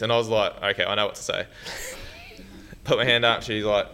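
A man's voice: mid-range voice, fast, pushed and bright. A young man with a New Zealand accent telling a blunt, swearing, laughing story to an audience. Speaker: farmer speaker.

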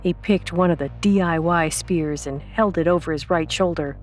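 Low-voiced woman reading a story. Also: moderate pace, darkish tone, faint music behind. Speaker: narrator. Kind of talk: audiobook narration.

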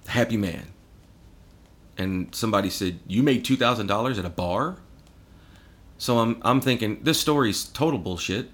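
A man in casual chat, telling stories with lots of swearing and acted-out quotes. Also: on the low side. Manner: animated storyteller, swears a lot, acts out quotes. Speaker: podcast guest.

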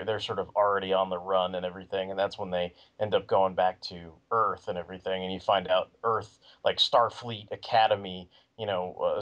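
Rambling low-voiced man on a podcast. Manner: rambling, filler-heavy talk. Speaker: podcast co-host. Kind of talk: casual chat. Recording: muffled lo-fi recording.

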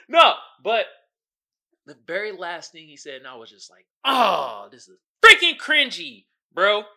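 A young man with a bright, high voice runs a casual podcast riff, his pitch leaping all over as he tells the story. His talk is thick with slang and fillers, and he drops from low mutters into loud, laughing outbursts. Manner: heavy slang and fillers, quotes others in character. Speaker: podcast host. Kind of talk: casual commentary.

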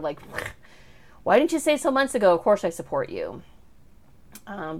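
Chatty woman, lowish voice. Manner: chatty, with frequent fillers and asides. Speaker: book reviewer. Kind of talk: casual book review talk.

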